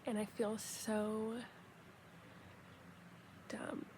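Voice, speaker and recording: A young woman telling a personal story in a casual, animated way, acting out what people said. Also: mid-range voice, extremely slow, noisy background. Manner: chatty, animated retelling with quoted dialogue.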